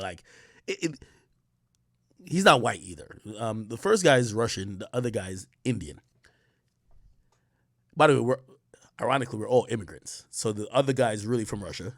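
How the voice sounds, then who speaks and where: Animated, profane streamer with a lively voice. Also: male voice, mid-range voice, no echo, clean studio sound. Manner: animated, profane, slangy, excitable. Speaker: streamer and commentator. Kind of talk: casual storytelling to a live stream.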